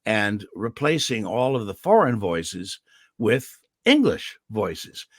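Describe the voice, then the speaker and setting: Speaking slowly in a lowish voice, this elderly voice actor spins anecdotes for an interviewer from his home in California. He's animated, often starting sentences over, and clears his irritated throat again and again. The sound is dry with clean studio quality.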